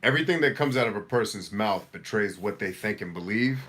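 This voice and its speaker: A middle-aged man hosting a live coaching Q&A, reading viewer comments aloud and giving direct, energetic, motivational advice in a casual way. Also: on the low side, brisk.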